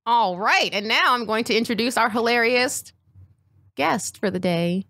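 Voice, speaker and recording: Lively, animated woman hosting a podcast. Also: a little high, measured pace, no room sound. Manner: bubbly, laughs often. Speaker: podcast host. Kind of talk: casual podcast chat.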